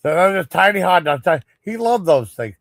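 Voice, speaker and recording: A man's voice: high-pitched, big pitch swings, moderate pace, dry recording. Rambling, swearing man with a dry voice. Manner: rambling, frustrated, swears freely. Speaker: live stream host. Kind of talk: casual storytelling chat.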